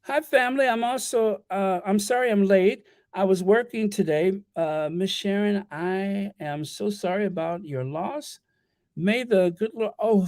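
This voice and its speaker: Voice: mid-range voice, darkish tone, no echo, studio quality. A livestream host chatting casually, rambling and stammering while reading viewer messages aloud.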